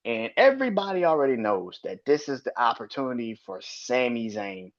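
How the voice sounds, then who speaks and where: A man's voice: medium pitch, sing-song, normal speed. A man hosting a podcast, ranting bluntly and profanely about wrestling in casual, opinionated commentary. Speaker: podcast host. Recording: slightly dull lo-fi audio.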